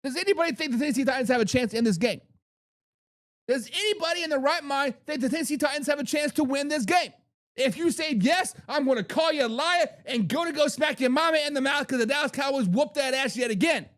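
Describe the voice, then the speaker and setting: Brief: man, very high voice, brash football-talk host who hypes and trash-talks. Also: fast talker, fairly bright tone. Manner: hyped, trash-talking, repeats lines for emphasis. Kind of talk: animated sports predictions monologue.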